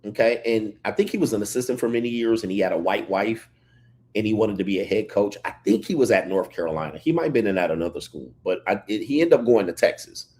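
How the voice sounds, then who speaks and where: A man hosting a casual livestream, reading chat comments and telling stories in an animated way. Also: on the low side, quick pace. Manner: animated storytelling, reads chat comments aloud. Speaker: livestream host.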